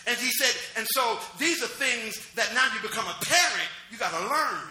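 A man's voice: extremely high pitch, expressive, moderate pace, few pauses, sharp tone, roomy sound. A middle-aged man preaching a sermon in a conversational style, calling out to the congregation. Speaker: pastor.

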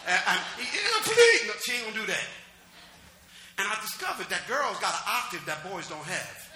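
A man's voice: high voice, lively intonation, fairly quick, pushed and bright, roomy sound. A middle-aged man preaching a sermon in a conversational style, calling out to the congregation. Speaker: pastor.

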